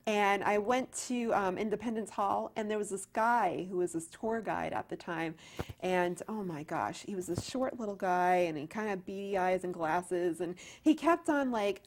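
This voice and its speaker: A woman actress talks as a guest in a casual interview. She tells her stories with animation, stumbling and restarting as she goes. Her voice sits at an ordinary middle pitch. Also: normal speed. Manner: animated storyteller, many restarts.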